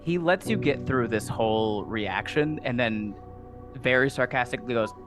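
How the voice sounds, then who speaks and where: A man narrating a tabletop game as dungeon master, in a playful, animated way. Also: mid-range voice, normal speed. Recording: music underneath.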